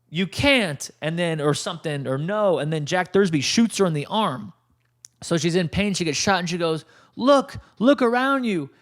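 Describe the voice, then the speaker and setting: A man hosting a podcast, telling a story in a loose, animated way, swinging between loud outbursts and low mutters and acting out what others said. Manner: acts out quoted lines in quick changes of voice. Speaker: podcast host. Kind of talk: casual storytelling monologue.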